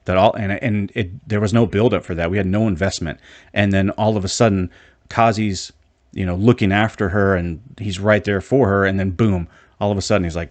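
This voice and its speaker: A man with a deep, fairly even voice casually reviews a TV episode, speaking fairly quickly in a dry recording. He rambles, restarts often, and uses a lot of filler, sounding frank and mildly exasperated.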